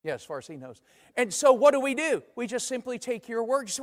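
A man with a high voice preaches a sermon. He keeps it conversational and acts out the people he quotes. The sound carries the long reverb of a large church sanctuary. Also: big pitch swings, a little fast.

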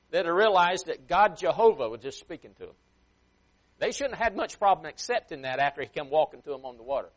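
Emphatic male preacher, fairly high voice. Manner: emphatic, rising and dropping sharply for effect; voices a parent scolding a child. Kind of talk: sermon.

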